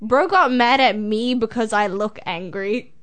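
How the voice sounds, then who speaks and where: A woman's voice: a little high, a little slow. A teenage girl, telling a school story in casual chat and laughing often. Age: teens. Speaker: student storyteller.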